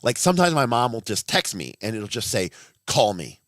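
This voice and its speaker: A man's voice: mid-range voice, big pitch swings, fairly quick, a bit bright, no echo, clean studio sound. A man in his thirties hosting a casual livestream, rambling with blunt, profane asides and frequent restarts. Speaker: livestream host.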